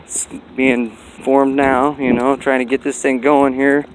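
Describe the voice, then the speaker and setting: A man's voice: mid-range voice, level tone, measured pace, noisy background. A man vlogging outdoors by a busy road, in a rambling, folksy way with lots of fillers. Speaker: dog breeder vlogger. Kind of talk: casual walking vlog.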